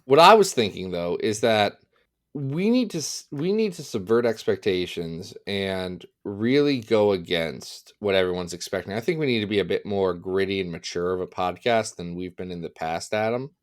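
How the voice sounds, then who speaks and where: A man's voice: sits low, lively intonation, normal speed. A man co-hosting a comics podcast in casual, joking chat, playful and self-mocking. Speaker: podcast co-host.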